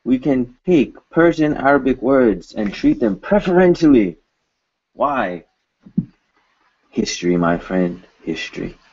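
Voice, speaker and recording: A man teaching a recorded language lesson in an informal, joking way, saying example words slowly and more than once. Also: medium pitch, sing-song, vocal fry, a little mellow, dull audio.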